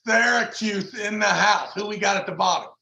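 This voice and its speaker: A man hosts a casual talk show, throwing in hype-man exclamations and stretching out his emphatic lines. His voice sits high and bright, with a gravelly edge, and it rings in a roomy, echoey space. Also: normal speed. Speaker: podcast host. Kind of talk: casual chat about arm wrestling.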